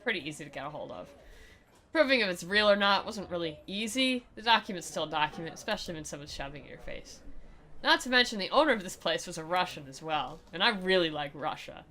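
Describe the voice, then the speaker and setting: A woman's voice: fairly low pitch, animated, fast, bright, forceful tone. A young woman streaming a dramatic reading of a visual novel, mixing narration with sarcastic jokes and replies to chat. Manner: sarcastic, joking running commentary.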